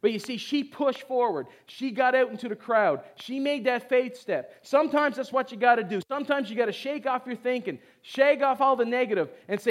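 Male pastor, high voice, conversational exhorting sermon, pushes the room to answer back. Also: lively intonation, moderate pace, hardly any pauses. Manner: exhorting, call-and-response with the congregation; conversational, repeats short phrases. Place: church service before a congregation.

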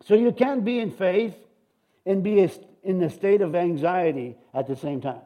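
A middle-aged male pastor preaches with a high-pitched voice. He is animated and lively, breaking into cheers and amens, and drops in joking asides between his points. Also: normal speed. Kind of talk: sermon.

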